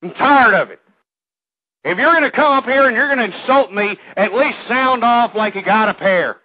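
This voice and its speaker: A man with a fairly high voice rants on his call-in radio show, combative and insulting, hammering the same points again and again. The sound is tinny and phone-like, and it is very dry. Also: animated, brisk, no echo. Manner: combative, insulting, repetitive ranting. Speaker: radio talk show host.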